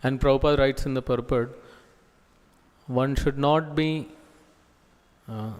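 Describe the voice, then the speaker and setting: A man giving a scripture class as a preacher, talking slowly with many pauses and fillers. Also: medium pitch, steady tone, smooth, big-room sound. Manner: slow, halting delivery with many pauses and fillers. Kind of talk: sermon. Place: temple hall.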